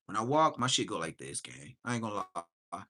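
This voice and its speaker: Man from Southern California, livestream host, slangy and loose, bright tone, pitch all over the place. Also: fairly quick. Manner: animated, slangy, laughs a lot. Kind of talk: casual livestream reaction chat.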